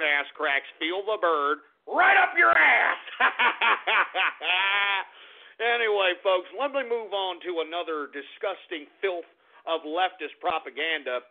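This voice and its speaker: Man, talk radio host, brash insulting rant, raised pitch, tinny phone-like sound. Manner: brash, insulting, shouting outbursts.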